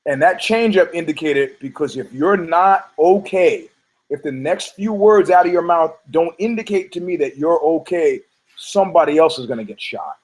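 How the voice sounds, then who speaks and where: A man's voice: a little high, lively intonation, moderate pace, darkish tone, rough recording. A man hosting a casual sports podcast who rambles, stammers over his words, repeats himself and swears freely. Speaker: podcast host.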